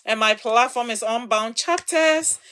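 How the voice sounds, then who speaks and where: A woman's voice: a little high, a little slow, pushed and bright, a little hiss or hum. A woman hosting a livestream, giving emphatic advice to her followers and repeating words for stress. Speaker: livestream host.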